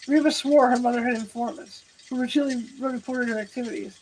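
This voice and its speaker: High-voiced woman reading a novel. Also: steady tone, fast, hardly any pauses, a little hiss or hum, low-quality recording. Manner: self-correcting as she reads. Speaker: audiobook narrator.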